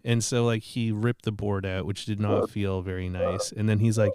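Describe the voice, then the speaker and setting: A man's voice: lowish voice, fairly even intonation, moderate pace, few pauses, mellow, clear, resonant tone, dry recording. A man telling a rambling, profane, self-mocking story in casual podcast chat.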